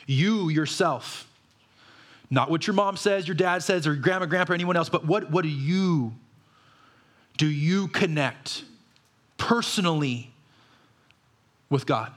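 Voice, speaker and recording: A man's voice: on the high side, measured pace, pauses often. A man, a pastor, preaching a conversational sermon full of rhetorical questions.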